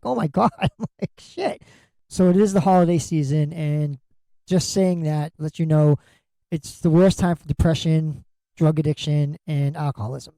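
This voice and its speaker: A man's voice: on the high side, warm tone, no room sound, low-quality recording. A middle-aged man hosting a podcast, telling comic stories in a crude, joking way and swearing freely as he acts out what people said. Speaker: podcast host. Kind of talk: comedic storytelling monologue.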